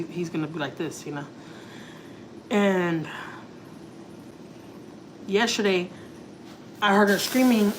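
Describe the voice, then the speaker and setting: A woman's voice: fairly low pitch, slight background noise, rough recording. Rambling, confiding woman vlogger. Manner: rambling, heavy use of filler words like "like" and "you know"; emotional, confiding. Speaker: family vlogger. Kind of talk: casual storytelling to camera.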